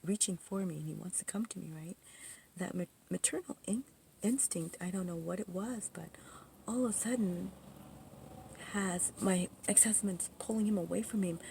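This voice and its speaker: A woman's voice: medium pitch, creaky, breathy edge. A woman casually telling a personal story in a rambling, indignant way, full of asides and restarts. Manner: indignant, animated retelling.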